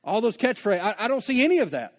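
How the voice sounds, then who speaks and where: A man's voice: sits high, big pitch swings, fast. A man preaching a sermon as pastor, conversational, with joking asides and acted-out dialogue.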